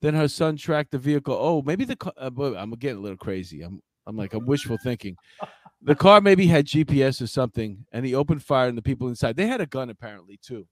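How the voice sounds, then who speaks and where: A man's voice: mid-range voice, quick pace, no echo. A man co-hosting a casual crime news podcast, telling stories in a joking, profane way and acting out the people in them. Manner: animated storytelling, acts out voices. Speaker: podcast co-host.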